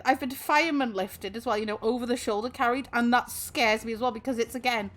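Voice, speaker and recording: A woman's voice: fairly high pitch, fairly even intonation, brisk. Giggly Welsh woman chatting on stream. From Wales. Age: 20s. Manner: chatty, giggly, lots of fillers. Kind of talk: casual chat.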